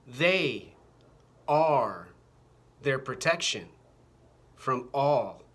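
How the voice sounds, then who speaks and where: Speaking very slowly into his camera's mic, a male vlogger rants in an agitated, repetitive, profane monologue that wanders. His mid-range voice swings widely in pitch and sounds fairly bright and slightly rough.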